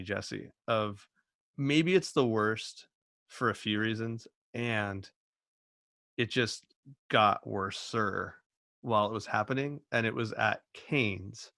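A man with a low, gravelly voice rambles through a memory in casual podcast talk, hedging as he goes. The recording is dry and close, with no room sound. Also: fairly bright tone, no room sound. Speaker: podcast co-host. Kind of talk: casual chat.

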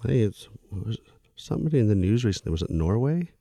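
A man's voice: on the low side, very animated, brisk, gravelly, dark tone, no echo, clean studio sound. A Canadian man chatting casually as a podcast co-host, wry and chuckling often. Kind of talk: casual chat.

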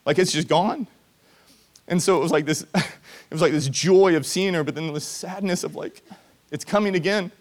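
A man's voice: a little high, normal speed. A man in his thirties from Georgia, a pastor preaching a sermon in a conversational, earnest way during a church service. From Georgia, USA. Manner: conversational, earnest, acts out quoted voices. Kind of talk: sermon with personal storytelling.

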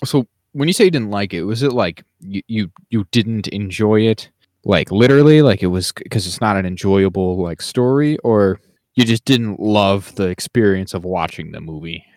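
Casual and rambling, a male podcast co-host fills his talk with fillers and restarts. He has a lowish, darkish voice with lively intonation at a normal speed, captured in a dry, clean studio recording.

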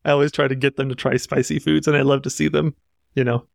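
A man's voice: medium pitch, little pitch movement, quick pace, gravelly, no echo, clean studio sound. Joking man co-hosting a podcast. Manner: jokey, enthusiastic, teasing. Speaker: podcast co-host. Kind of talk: casual chat.

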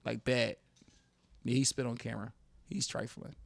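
A young man hosting a casual podcast, telling stories in an animated, profane, joking way. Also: mid-range voice, normal speed, creaky. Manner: animated, profane, jokey storytelling. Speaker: podcast host.

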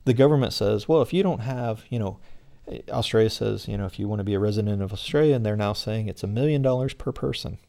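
A man's voice: lowish voice, fast talker, gravelly, mellow. A middle-aged American man answering interview questions in a rambling way, full of fillers. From United States. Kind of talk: conversational interview.

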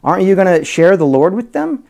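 A man teaching a Bible study in a conversational way, full of rhetorical questions and swinging between loud emphasis and quiet asides. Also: sits high, very animated, a little fast, gravelly. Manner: frequent fillers and restarts, chuckles.

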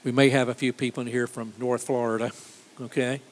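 A man's voice: mid-range voice, little pitch movement, a little fast. A man leading a church missions talk, emphatic and repetitive, calling the audience to repeat after him. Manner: emphatic, repeats key phrases, leads audience responses. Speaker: missions ministry leader.

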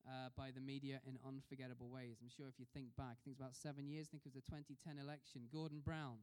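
A man's voice: mid-range voice, level tone, fast, a little mellow, clear, resonant tone. A man preaching a sermon in a conversational way, putting questions to the congregation. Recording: long reverb of a hall.

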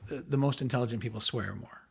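A man's voice: medium pitch, quick pace, gravelly, breathy edge. A man hosting a casual interview, chatting freely and offering his own opinions. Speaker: host.

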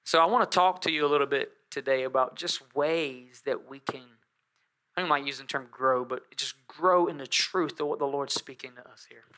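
A male pastor preaching a sermon, telling a story with animated joking asides to his congregation. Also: mid-range voice, a little fast.

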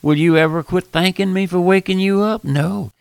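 Male pastor, fiery radio sermon delivery, high gravelly tone. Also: steady tone, moderate pace, no room sound. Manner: fervent preaching, swings from pleading hush to shouting.

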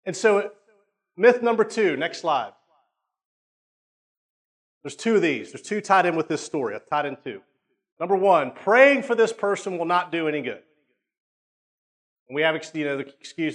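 A man preaching a sermon in a conversational way, often checking in with his listeners and repeating words, slowing down to stress points. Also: fairly high pitch, very animated.

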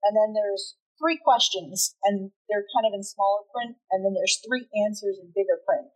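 A woman's voice: medium pitch, moderate pace, rough recording. A woman narrating a tabletop role-playing game as game master, describing scenes and explaining rules in a casual way.

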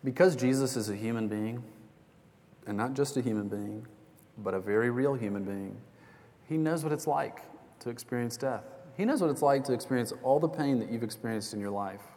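In a church sanctuary full of long reverb, a young pastor tells a sermon story in a relaxed, conversational way with small jokes and asides. His mid-range voice is darkish and fairly quick.

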